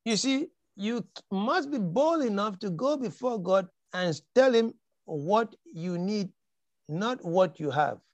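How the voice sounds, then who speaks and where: A man with a high voice preaches with emphatic force. He repeats key lines for weight and acts out the scripture quotes. The sound is dry and close. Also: animated, takes it slowly, no room sound, muffled recording. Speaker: pastor. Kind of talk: sermon.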